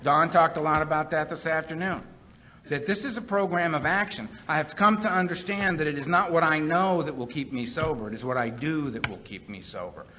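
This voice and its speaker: Bright-voiced man giving an earnest testimony. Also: a little high, brisk. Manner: earnest, emphatic storytelling with repeated lines. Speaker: speaker at a recovery meeting. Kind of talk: personal testimony talk. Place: meeting hall with a live audience. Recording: dull lo-fi meeting recording with faint background hiss.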